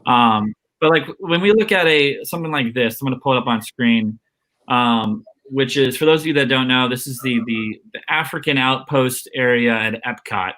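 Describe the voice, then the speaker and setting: A man's voice: mid-range voice, moderate pace, bright, forceful tone. A man hosting a panel discussion over a video call, talking hesitantly with many restarts and fillers. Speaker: host.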